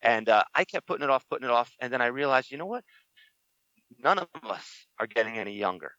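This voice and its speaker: A man's voice: mid-range voice, animated, fast, bright, forceful tone, no echo, lo-fi sound. A middle-aged man chatting as a podcast co-host, telling stories about himself in a wry, self-deprecating way. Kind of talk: casual chat.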